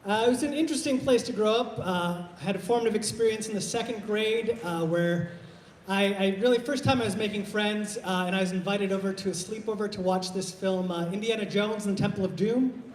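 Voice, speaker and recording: A man from Iowa doing a stand-up set, low-key and halting with lots of fillers, into a stage mic at a live show. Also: slight background noise. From Iowa, USA. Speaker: stand-up comedian. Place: live comedy show in a hall. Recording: roomy hall reverb.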